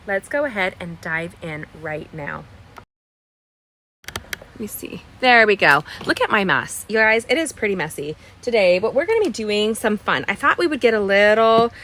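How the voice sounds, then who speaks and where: A woman's voice: mid-range voice, very animated, normal speed, fairly bright tone, slight background noise. A woman teaching a live online card-making class, chatty and bubbly, wandering into stories and greeting viewers by name. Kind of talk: live online craft tutorial. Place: cluttered crafting desk.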